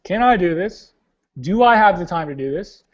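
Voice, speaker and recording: Young male team leader, high-pitched, blunt and casual, hosting a webinar call; muffled lo-fi sound. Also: animated, normal speed. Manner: blunt, casual, slangy, keeps saying "guys". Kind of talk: motivational coaching talk.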